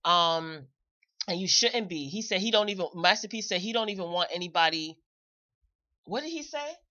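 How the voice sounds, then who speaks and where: Woman, online show host, bright forceful voice, emphatic, repeats lines, chatty, slightly muffled lo-fi audio. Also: lowish voice, lively intonation, moderate pace, no echo. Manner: chatty, addresses viewers directly. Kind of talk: live online commentary show.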